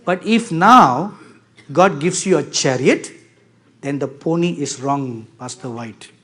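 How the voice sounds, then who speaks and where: A male preacher delivers a sermon at a deliberate, unhurried pace. His voice sits somewhat high for a man, and he drives his points home by repeating key words and turning to the listeners for agreement. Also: fairly bright tone. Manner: talks to the audience directly, asking for agreement.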